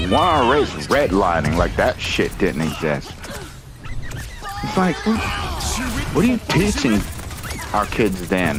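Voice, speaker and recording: A man from the United States ranting in a casual, profane podcast chat, incredulous and heated. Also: lowish voice. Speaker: podcast host.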